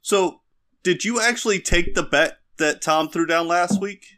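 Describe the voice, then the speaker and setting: A man co-hosting a casual podcast, teasing and deliberate. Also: sits high, sharp tone. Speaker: podcast co-host.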